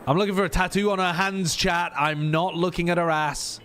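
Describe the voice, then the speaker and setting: A man with a high voice streams a game, talking a little fast as he jokes, swears, and mocks things in animated commentary to his chat. Game music plays underneath, with a slight hiss or hum on the recording.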